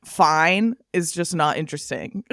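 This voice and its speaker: A relaxed American woman chatting as a podcast guest, quick to laugh. Her voice is smooth and clear, with a dry, close sound. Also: deep voice, dry recording. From United States. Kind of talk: casual podcast chat.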